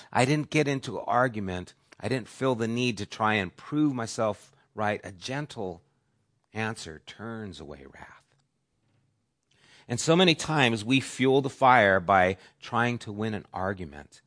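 A man with a low-set voice preaches a sermon, the kind a pastor gives to his congregation. He is middle-aged and shifts his volume a lot, pushing some phrases out strongly and dropping others almost to a whisper. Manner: varies volume, dropping to soft whispers for emphasis.

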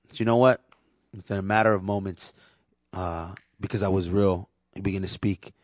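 Low-voiced man preaching, dull dry recording. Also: moderate pace, no echo. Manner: conversational, candid, acts out quotes in lively voices. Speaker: preacher and worship leader. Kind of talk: sermon.

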